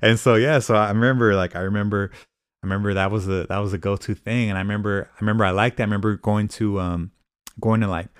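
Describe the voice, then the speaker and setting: A man's voice: lowish voice, fairly even intonation, fast, clean tone, no echo, studio quality. A man talking casually and rambling, with many fillers and repeated "I remember". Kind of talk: casual podcast chat.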